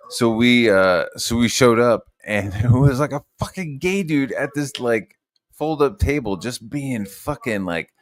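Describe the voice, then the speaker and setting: A man's voice: mid-range voice, expressive, normal speed, no room sound, studio quality. A man hosting a casual chat, telling a rambling, profane story with lots of fillers.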